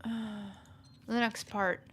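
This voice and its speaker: A young woman streams a video game, playfully chatting with her live chat and thinking aloud as she plays. She speaks slowly, with a fairly bright tone.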